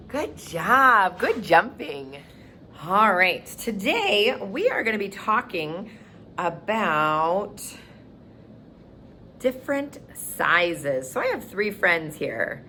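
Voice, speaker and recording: Woman, preschool teacher on a virtual lesson; slow, bright, very sing-song delivery. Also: big pitch swings, a little hiss or hum. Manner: exaggerated, sing-song teacher talk with big pitch leaps. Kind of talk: virtual circle time lesson for young children.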